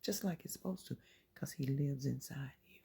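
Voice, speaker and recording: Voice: medium pitch, moderate pace, vocal fry, dark tone, slightly rough. A channel host giving an earnest, informal inspirational faith talk, repeating phrases and dropping into whispers to make a point.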